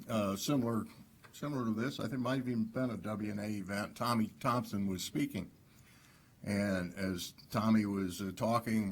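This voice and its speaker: A man with a Southern Illinois accent giving a humble, lightly joking award acceptance speech at a dinner podium. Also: fairly low pitch. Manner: humble, self-deprecating humor. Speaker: award honoree. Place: banquet hall.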